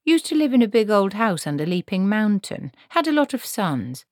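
Narrator puts on an old bossy witch, brisk and snappish, pushed up high; dry room. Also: sing-song, darkish tone, dry recording, natural voice.

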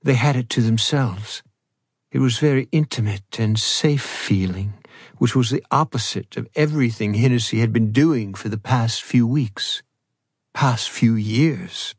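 An audiobook narrator, male, delivers scripted narration in a measured, even storytelling style. His mid-range voice carries a breathy edge, captured in a dry, studio-quality recording.

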